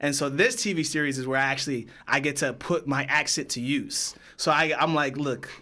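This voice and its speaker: A man on a podcast as the guest, telling stories about his acting work in a casual, animated way and laughing often. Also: medium pitch, brisk. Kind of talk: casual storytelling chat.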